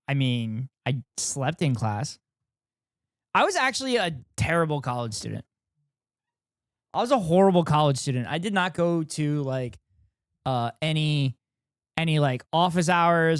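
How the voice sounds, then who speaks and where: Chatty streamer man with a crisp voice. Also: fairly high pitch, lively intonation, measured pace, pauses often, dry recording, clean studio sound. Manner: rambling, self-deprecating, chatty with viewers. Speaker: streamer reacting with chat. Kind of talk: casual live-stream chat.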